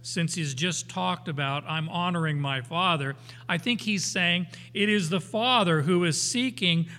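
An older man teaching through a Bible passage in a folksy, unhurried way, slowing down to read the verses emphatically. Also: on the high side, sharp tone. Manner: folksy, unhurried, with anecdotes and chuckles; emphatic when reading scripture aloud. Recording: hall reverb.

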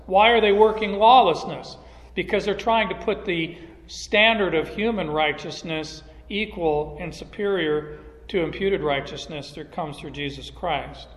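A man's voice: high-pitched, a little slow, a bit bright. A man preaching a sermon, emphatic and asking rhetorical questions of the congregation. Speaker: pastor. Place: church sanctuary. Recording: echoey hall sound.

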